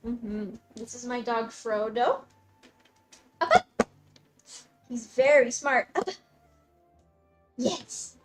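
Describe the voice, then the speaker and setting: A bubbly young woman streamer with a fairly high voice chats with her viewers as she plays, easily excited and quick to laugh things off. Soft music plays under her talk. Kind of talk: casual live-stream chat reading comments. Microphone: desk mic, dog close by.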